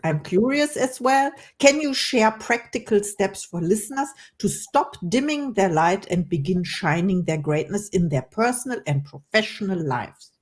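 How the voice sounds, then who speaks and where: A woman's voice: medium pitch, expressive, normal speed, hardly any pauses. Enthusiastic woman interviewer. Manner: warm, enthusiastic, laughs often. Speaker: podcast host. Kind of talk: conversational interview.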